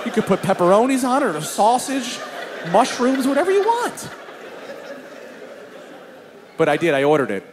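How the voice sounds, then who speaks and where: A young adult man doing stand-up, telling his story in an animated, exasperated way. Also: sits high, a little fast. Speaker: stand-up comedian. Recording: live comedy club with crowd and noise.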